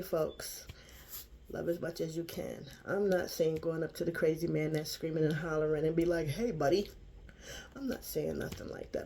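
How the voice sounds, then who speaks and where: A woman's voice: medium pitch, vocal fry, warm tone, slight background noise. An older woman vlogger talking casually to camera in a chatty, folksy, preachy way.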